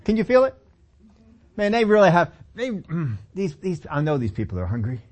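High-voiced preacher, animated. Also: male voice, moderate pace. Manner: animated storytelling, acting out the disciples with humor; laughs often and asks the audience questions. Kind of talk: sermon.

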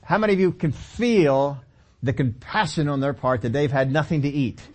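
A man's voice: a little high, moderate pace, darkish tone. A man preaching a sermon, telling the story with humor, acting out the characters and asking the audience questions. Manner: laughs often and asks the audience questions.

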